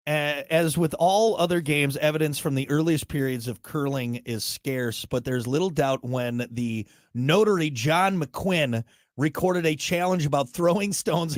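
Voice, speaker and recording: A man's voice: on the high side, no echo, clean studio sound. A man hosting a morning show, rambling and joking in casual banter, wired on caffeine. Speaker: show host.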